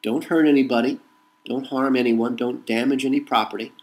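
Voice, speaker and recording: A man's voice: mid-range voice, steady tone, brisk, low-quality recording. A man from the United States delivering a rhetorical political monologue, repeating a refrain between points. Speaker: political commentator. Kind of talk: monologue to camera.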